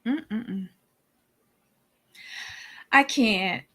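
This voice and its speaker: A woman's voice: a little high, lively intonation, extremely slow, fairly bright tone. A woman co-hosting a reality TV recap show, talking in a sassy, blunt way and exclaiming at the cast. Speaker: podcast co-host.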